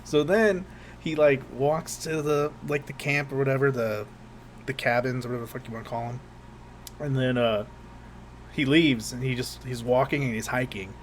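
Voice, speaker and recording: A man's voice: mid-range voice, steady tone, normal speed, slight background noise. A young man co-hosting a podcast, telling rambling, profane stories in casual chat and laughing often. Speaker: podcast co-host.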